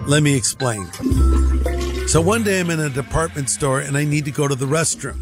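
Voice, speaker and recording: A male pastor telling a humorous story on a radio show and acting out both sides of the dialogue. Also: fairly high pitch.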